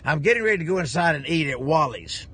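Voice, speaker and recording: Jovial husky preacher. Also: male voice, fairly high pitch, lively intonation, fast, pushed and bright. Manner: jovial, chuckling, rambling. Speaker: preacher and ministry head. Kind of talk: casual storytelling to viewers.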